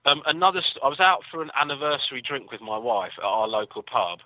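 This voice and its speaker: A man's voice: mid-range voice, big pitch swings, fast talker, no echo, phone-quality sound. An English man, a comedian guest, telling rambling anecdotes with a dry, self-deprecating humor. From England. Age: young adult. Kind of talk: casual storytelling.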